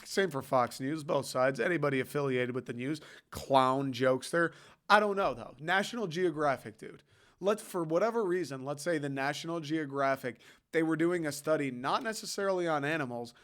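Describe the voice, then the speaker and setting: A young man, hosting a podcast and ranting casually in a sarcastic, animated way, swearing often. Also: fairly high pitch, moderate pace. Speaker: podcast host. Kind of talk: casual solo rant.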